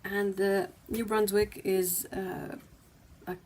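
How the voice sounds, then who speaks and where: A woman's voice: mid-range voice, level tone, takes it slowly, darkish tone, a little hiss or hum. A native French-speaking woman with a French Canadian accent, chatting casually as a livestream host while painting, rambling with fillers and laughing easily.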